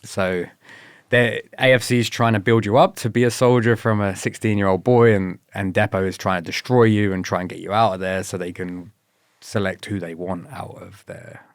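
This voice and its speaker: A former paratrooper appears as a guest on a podcast, telling stories in a casual interview. He's a British man with a fairly low voice who speaks at normal speed with a clean tone, laid-back and laughing often, and he bursts into livelier voices when quoting others. The recording is dry and close, with no room echo.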